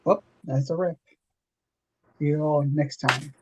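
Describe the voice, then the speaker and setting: A man's voice: a little high, steady tone, takes it slowly, a little mellow, husky, dry recording, rough recording. A man hosting a movie livestream in a laid-back, casual way, plugging his channels. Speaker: livestream host.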